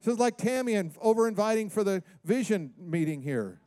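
A pastor preaching a sermon in an animated way, acting out the voices of the people he quotes. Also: high-pitched, normal speed, hardly any pauses, no echo, clean studio sound.

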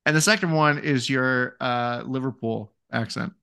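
A man's voice: mid-range voice, a little slow, creaky, pushed and bright, smooth. A man co-hosting a casual sports podcast, wry and teasing. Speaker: podcast co-host.

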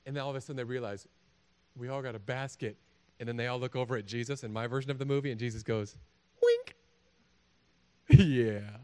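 Guy preaching a sermon, animated and funny, does quick voices for people in his stories. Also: mid-range voice, smooth. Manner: animated, jokey storytelling with acted-out voices. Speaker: pastor.

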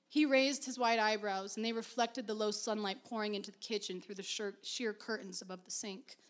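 High-voiced woman reading a story aloud. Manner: measured, expressive storytelling. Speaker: reader.

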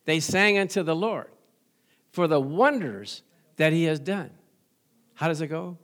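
Middle-aged male pastor, high voice, folksy, jokey sermon delivery with amen call-outs. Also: animated, unhurried, fairly bright tone. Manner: folksy, joking, asks the congregation for amens.

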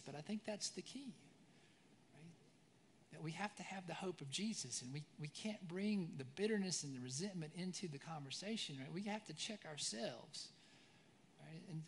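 A man in his forties preaching a sermon as pastor, conversational, often tagging "right?", shifting between lively storytelling and soft reflection. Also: a little high, a little hiss or hum. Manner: conversational, frequent "right?" tag questions.

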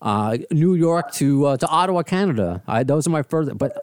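Animated, rambling American man host. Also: on the high side, fairly quick. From United States. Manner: rambling, self-deprecating, lively. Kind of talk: casual video-call interview.

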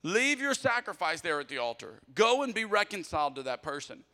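Male pastor, bright, forceful delivery, conversational sermon, long church reverb. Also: high voice. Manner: energetic, conversational, acts out prayers and quotes in quick asides. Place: church auditorium.

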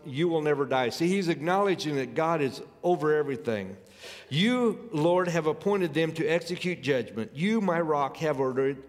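A man preaching a sermon, reading scripture aloud and urging his listeners with earnest, rising emphasis. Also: mid-range voice. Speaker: pastor. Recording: long hall reverb.

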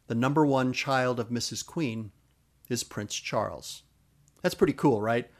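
A man with a gravelly, creaky edge to his voice hosts a podcast about words and their origins. He is keen and animated about his subject, and he slows down to spell terms out letter by letter. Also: mid-range voice. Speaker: podcast host. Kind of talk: explanatory podcast talk.

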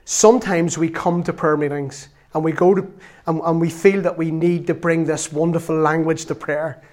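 Lay preacher, man, relaxed chatty church sermon, slightly high voice. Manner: conversational and self-deprecating, reads scripture slowly and loudly.

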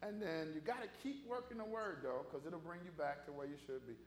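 A man's voice: fairly high pitch, a little fast, slight background noise. A man preaching a sermon as pastor, moving from conversational storytelling to fervent, rising exhortation.

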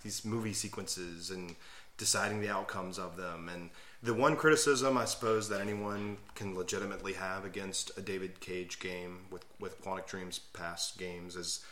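An enthusiastic man rambling through long explanations as a podcast co-host, with a somewhat low voice that sounds bright and forceful. His voice rings with roomy echo. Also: steady tone, moderate pace. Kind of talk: casual chat.

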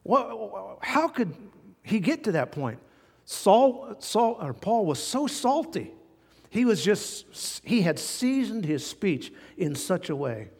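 A man preaching a sermon as pastor, folksy and animated, chuckling now and then at his own jokes. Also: high voice, takes it slowly, vocal fry, husky, big-room sound.

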